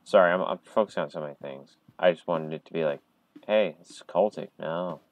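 A man on a headset at home, playing a horror game in casual commentary, jumpy and chatty with viewers, breaking into loud startled outbursts. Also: extremely low pitch, fairly even intonation, fast talker, rough recording. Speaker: gamer streaming a horror game.

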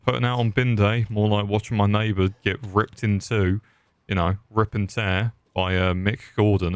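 A young English gaming YouTuber gives comedic let's play commentary, sarcastic and swearing as he cracks jokes at the game's characters. His voice is on the low side, with slight background noise.

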